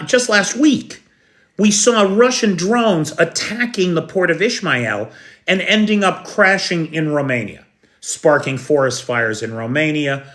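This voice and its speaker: Fairly high-pitched and a bit bright, an American man runs an unscripted live news stream. He talks straight to his chat viewers, sarcastic and blunt, and lets a swear word slip now and then.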